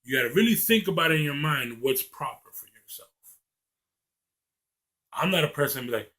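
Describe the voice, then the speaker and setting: A young man from Maryland speaks straight to his camera in a casual, rambling vlog. He sounds earnest and restarts his sentences often, stumbling over the first word. His voice sits at an ordinary middle pitch for a man. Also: moderate pace, fairly bright tone. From Maryland, USA. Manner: earnest, rambling, repeats words when starting a thought. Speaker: vlogger.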